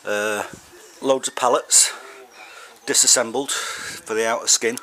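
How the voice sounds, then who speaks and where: A man's voice: medium pitch, fairly even intonation, measured pace, sharp tone. A man filming his DIY yard project, talking casually and a little out of breath. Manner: chatty, breaks off with ums and short laughs. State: a bit out of breath. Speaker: DIY vlogger. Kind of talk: casual workshop vlog. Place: outdoor yard building site.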